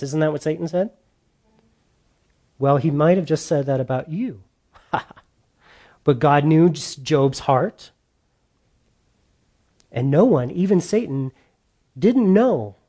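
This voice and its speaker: Man preaching a Bible study in a casual, conversational way; voice a bit high; drives points home by repeating them. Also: a little mellow. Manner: conversational preaching, repeats key lines, sarcastic mock voices. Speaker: pastor. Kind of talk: sermon.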